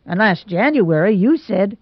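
A woman voicing a proud, quick-tempered young woman in a storybook reading. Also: mid-range voice, animated, breathy edge, no echo. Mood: indignant. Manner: stormy, indignant. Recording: dull lo-fi recording.

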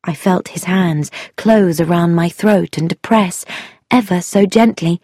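Slow, measured woman storyteller. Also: fairly low pitch, dark tone, slightly rough, no room sound, clean studio sound. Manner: measured, deliberate reading. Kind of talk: scripted narration.

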